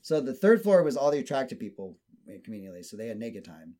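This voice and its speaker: In a casual chat, a man with a mid-range voice tells a long story at a quick pace. He's a profane, animated storyteller who swears freely and acts out what people said.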